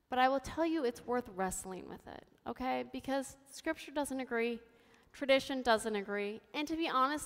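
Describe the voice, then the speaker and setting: A woman's voice: sits high, fairly bright tone, big-room sound. A woman in her thirties giving a sermon, telling her own story in a candid, conversational way. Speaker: preacher. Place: church sanctuary.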